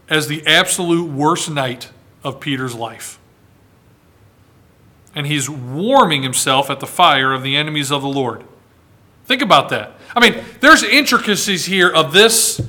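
An American pastor with a high voice reads scripture aloud during a sermon. He swings between raised, dramatic lines and hushed, slow ones.

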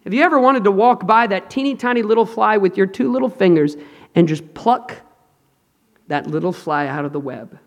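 Male preacher, high voice, dramatic hushed-to-loud delivery, long hall reverb. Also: lively intonation, moderate pace. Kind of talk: sermon. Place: large hall with an audience.

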